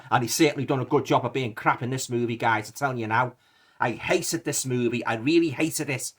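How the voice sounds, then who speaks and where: A man's voice: mid-range voice, a little fast, husky. A middle-aged man with a Liverpool accent, ranting indignantly in a rambling video review, repeating himself with lots of fillers. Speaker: movie reviewer.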